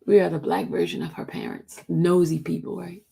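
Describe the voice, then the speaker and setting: A woman hosting a casual livestream, chatting to her viewers and calling them y'all, repeating her points loudly. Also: lowish voice, sing-song, moderate pace, vocal fry, breathy edge. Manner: loud emphatic repetition. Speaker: livestream host.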